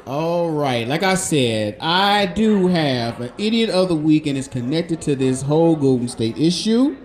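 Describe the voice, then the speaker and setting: A man's voice: on the high side, lively intonation, a little slow. A man co-hosting a sports talk show, tossing in short teasing quips. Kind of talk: casual sports banter.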